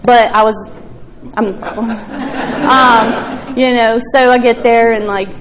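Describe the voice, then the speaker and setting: A woman's voice: a little high, fairly even intonation, unhurried, background noise. A woman telling her recovery story at a meeting, candid and profane, with plenty of fillers. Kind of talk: personal testimony at a recovery meeting.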